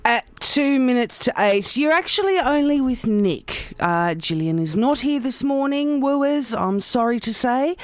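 A woman's voice: sits high, big pitch swings, measured pace, few pauses, soft background music. An Australian woman hosting a breakfast radio show, chatting casually and playfully with plenty of fillers.

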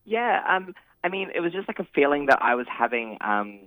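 A man's voice: on the high side, sing-song, brisk, a bit bright, dry recording. A man, an author talking casually in an interview, chatty and rambling with many fillers. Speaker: author guest. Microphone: phone. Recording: tinny phone line.

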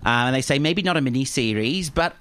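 A man's voice: mid-range voice, expressive, fairly quick, a bit bright, clear, resonant tone. Wry radio co-host man. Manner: wry, dry humour, reads listener messages. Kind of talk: casual radio chat.

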